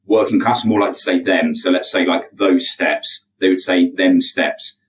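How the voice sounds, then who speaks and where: A young man from England speaks as a podcast guest in a deep, low voice. He talks bluntly and emphatically, stumbling over repeated words as he goes. He sits a little back from the microphone, so the sound sits slightly distant. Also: unhurried, a little hiss or hum. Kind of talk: casual conversation.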